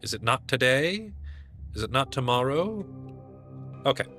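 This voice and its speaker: A man's voice: mid-range voice, big pitch swings, unhurried, pushed and bright, faint music behind. A man casually commenting on his gameplay, chatty with muttered asides. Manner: chatty, mumbling asides to himself. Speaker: let's play host.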